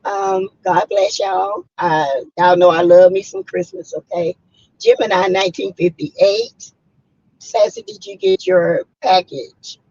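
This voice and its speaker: A hoarse woman, chatting casually and emphatically on a livestream and greeting viewers by name. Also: mid-range voice, sing-song, measured pace, darkish tone. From South Carolina. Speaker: livestream host. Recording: muffled lo-fi audio.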